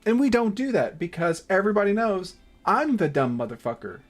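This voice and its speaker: A man's voice: high voice, big pitch swings, brisk, hardly any pauses, faint music behind. A man hosting a gaming livestream, reading game text aloud between profane, self-mocking banter and exasperated outbursts.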